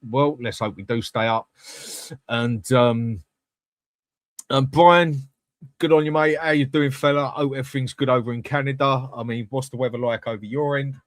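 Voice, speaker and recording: A man's voice: medium pitch, steady tone, normal speed, no echo. A man hosting a live fan channel, chatting bluntly with viewers and swearing freely. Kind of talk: live-stream chat reading comments.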